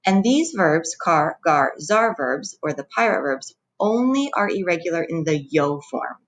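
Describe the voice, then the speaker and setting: Teacher lady w a low voice going over spanish verbs, calm clear explaining. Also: unhurried, low-quality recording. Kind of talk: recorded classroom lesson.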